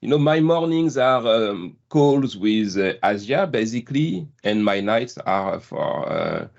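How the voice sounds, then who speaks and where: A man's voice: lowish voice, lively intonation, a little slow. A man in his forties with a French accent, chatting casually as a guest and laughing at himself often. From France. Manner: chatty, self-deprecating, laughs often, many restarts. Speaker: guest product manager. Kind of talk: casual video-call chat. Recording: dull lo-fi call audio.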